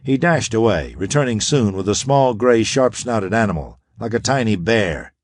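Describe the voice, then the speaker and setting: Expressive male audiobook narrator. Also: on the low side, moderate pace, no echo, clean studio sound. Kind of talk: scripted narration.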